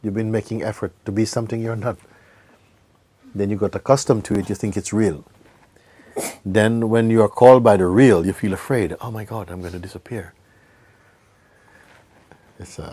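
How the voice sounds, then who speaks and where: A man giving a spiritual talk to a gathering, speaking gently, often laughing and sometimes dropping into a whisper. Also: on the low side, a little fast, slightly rough. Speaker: spiritual teacher.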